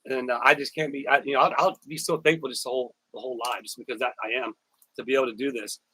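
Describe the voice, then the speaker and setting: A man's voice: mid-range voice, fairly even intonation, fast, bright, forceful tone, breathy edge, no room sound, rough recording. A man hosting a casual live stream, rambling, repeating words and thanking viewers by name. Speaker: YouTuber live-stream host.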